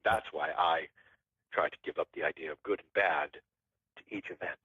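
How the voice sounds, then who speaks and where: A man's voice: very deep voice, moderate pace, slightly rough, no room sound. A man telling a story as a podcast guest in a casual, rambling way, often restarting his phrases. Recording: tinny phone-line sound.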